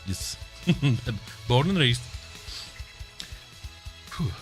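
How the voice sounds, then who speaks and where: Man, Russian accent, esports caster, lively up-and-down pitch, chatty and joking, faint music behind. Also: very slow. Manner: casual, chatty, joking, laughs often. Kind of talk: live esports commentary chatting with stream chat.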